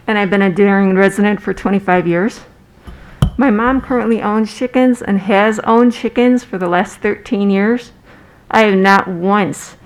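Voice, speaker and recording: A woman's voice: mid-range voice, clear, resonant tone, rough recording. A middle-aged woman giving earnest, direct public comment at a city meeting, speaking from personal experience.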